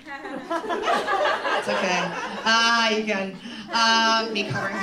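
A woman's voice: on the high side, a little slow, very noisy. A woman stand-up comedian telling a self-deprecating story live, rambling with lots of fillers. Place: comedy club stage. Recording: echoey room from far off, loud crowd laughter. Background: loud audience laughter.

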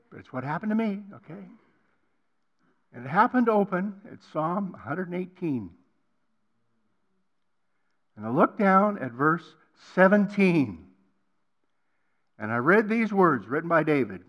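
Older male guest preacher with a bright, forceful, fairly high voice, giving an emphatic testimony that drops to a hush and rises to full volume. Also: lively intonation, moderate pace, pauses often. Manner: emphatic, swings between hushed and loud. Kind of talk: personal testimony sermon. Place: college campus hall.

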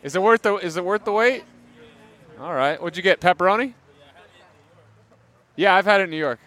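A man's voice: high-pitched, moderate pace, a bit bright. A man co-hosting a podcast, teasing his friends playfully while waiting in line outdoors on a city street. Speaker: podcast co-host. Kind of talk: casual banter.

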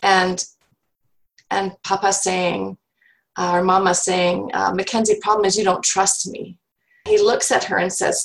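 A woman's voice: medium pitch, lively intonation, unhurried, creaky, poor audio. A woman guest telling a personal faith story in an earnest, reflective way, often restarting her sentences.

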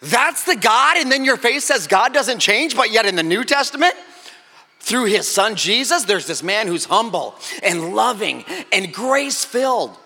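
A middle-aged male pastor preaching a sermon, animated and joking, acting out little scenes as he goes. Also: sits high, measured pace. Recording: echoey hall with long reverb.

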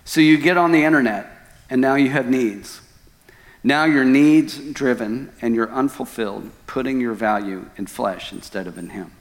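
A man's voice: mid-range voice, normal speed. Preaching man in a reverberant church. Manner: dramatic storytelling, swings from loud outbursts to hushed lines. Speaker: pastor. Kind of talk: sermon. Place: church sanctuary. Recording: long church hall reverb.

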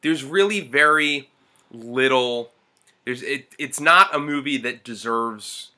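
This man co-hosts a casual movie podcast, chatting and rambling through a review while laughing often. His mid-range voice is bright and forceful, and he takes his time.

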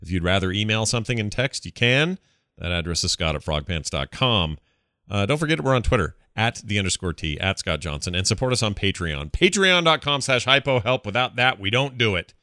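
A man's voice: lowish voice, sing-song, a little fast, sharp tone, no room sound, clean studio sound. A man hosting a podcast in casual, joking chat. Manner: laid-back, joking. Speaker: podcast host.

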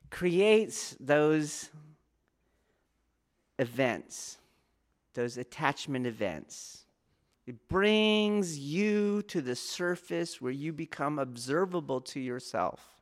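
A man with a slightly higher-pitched voice gives an earnest spoken lesson as a martial arts teacher. He keeps asking his listener rhetorical questions and repeats key phrases to press his point home. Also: animated, slow, long pauses.

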